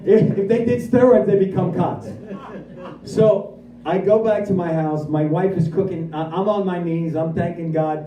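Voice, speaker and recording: A man giving a lively personal recovery testimony at a speaker meeting, acting out his own dialogue as he goes. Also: sits high, normal speed. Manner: animated storyteller who acts out his own dialogue. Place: meeting room at a recovery center. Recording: echoey room, voice from far off.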